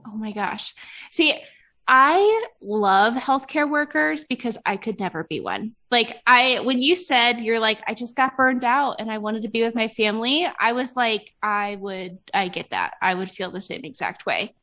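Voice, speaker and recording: A woman's voice: on the high side, expressive, moderate pace, bright, forceful tone. A young adult woman hosting a podcast, chatting casually and expressively, with a loose, profane way of talking. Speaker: podcast host. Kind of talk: casual chat.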